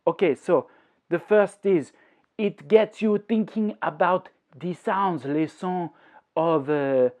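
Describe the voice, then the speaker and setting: A man making a language-learning video who talks in a deliberately hammy, put-on French accent. He slips French phrases into his talk and explains his ideas step by step. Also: high-pitched, darkish tone. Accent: deliberately exaggerated put-on French accent. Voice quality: hammy mock-French delivery. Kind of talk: playful language-learning vlog.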